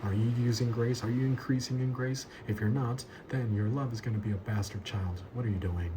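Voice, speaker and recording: A man's voice: medium pitch, fairly even intonation, brisk. A man teaching an expository Bible lesson as a pastor, emphatic and repeating key words for stress. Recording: noticeable background ambience noise.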